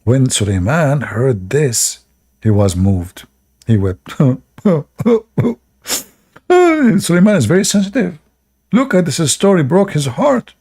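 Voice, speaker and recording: Gravelly, slow-talking sarcastic man. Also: on the high side, big pitch swings, a little mellow. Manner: sarcastic, frequently laughing; speaks in non-native English. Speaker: streamer commenting on religious texts. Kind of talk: mocking commentary while reading aloud.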